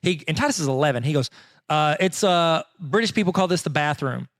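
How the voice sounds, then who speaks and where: A man's voice: fairly high pitch, animated, brisk, a bit bright, dry recording, clean studio sound. Teasing man co-hosting a podcast. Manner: playful, teasing banter. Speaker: podcast co-host. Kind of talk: casual chat.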